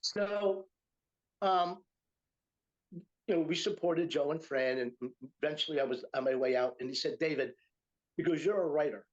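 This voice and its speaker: In a casual interview, an older man from Utica, New York, a retired teacher and writer, tells a story full of fillers and restarts. His voice is on the high side, moderately paced with long pauses, and the recording sounds muffled.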